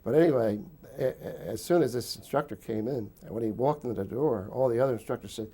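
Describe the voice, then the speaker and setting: A man's voice: medium pitch, brisk, mellow, breathy edge. An older man in an interview, recounting wartime memories as a rambling storyteller who chuckles often between fillers.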